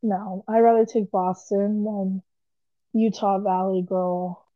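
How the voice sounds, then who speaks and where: A woman's voice: mid-range voice, little pitch movement, takes it slowly, no room sound, muffled recording. A young woman co-hosting a casual podcast chat, rambling with lots of "like". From Las Vegas area. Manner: rambling, heavy use of "like". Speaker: podcast co-host.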